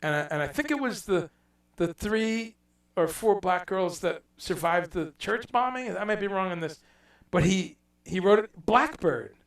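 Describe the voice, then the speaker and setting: A man hosting a casual livestream chat, telling stories in a rambling, animated way and dropping in profanity. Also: sits high, measured pace, creaky, hardly any pauses, echoey room, far from the mic. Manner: rambling, animated storytelling with mock accents and profanity. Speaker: livestream host.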